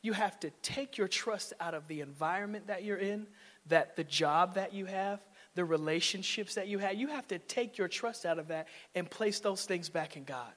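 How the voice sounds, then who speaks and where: A man preaching a sermon in a church, playful and conversational, rising to loud emphatic preaching. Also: high voice, normal speed, big-room sound. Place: church sanctuary.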